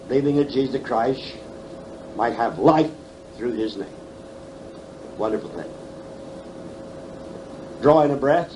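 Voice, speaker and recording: A man's voice: mid-range voice, darkish tone, poor audio. A man in his seventies giving conference Bible teaching, emphatic and questioning, with folksy humor. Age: 70s. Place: conference hall. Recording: faint background noise, 1979 tape.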